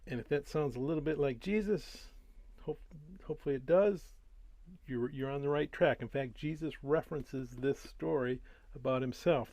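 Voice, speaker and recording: A man's voice: on the high side, dark tone, no echo. A man hosting a daily Bible reading, talking through the chapters in a casual, folksy way before he reads. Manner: conversational, folksy, with restarts.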